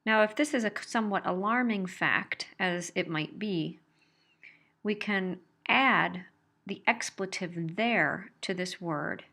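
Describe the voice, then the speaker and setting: A female college English instructor delivers a recorded grammar lecture, explaining carefully and stressing example sentences. Her mid-range voice is creaky and a bit bright.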